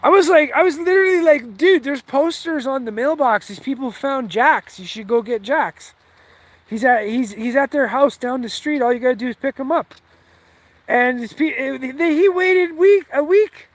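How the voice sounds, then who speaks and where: A man's voice: very high voice, normal speed, no echo. A man telling a rambling, heated story with lots of swearing, in a casual, offhand way. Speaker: vlogger.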